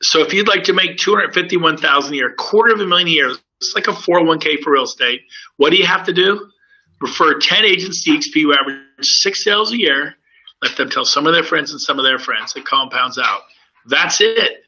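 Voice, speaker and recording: A man's voice: fairly high pitch, animated, brisk, bright, forceful tone. A man, a real estate broker, giving an upbeat, persuasive sales presentation to recruits in a webinar. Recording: dull lo-fi audio.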